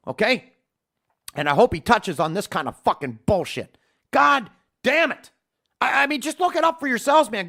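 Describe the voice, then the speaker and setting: Heated, profane high-voiced man ranting. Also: a bit bright. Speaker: podcast host. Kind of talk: ranting podcast monologue. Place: home podcast studio.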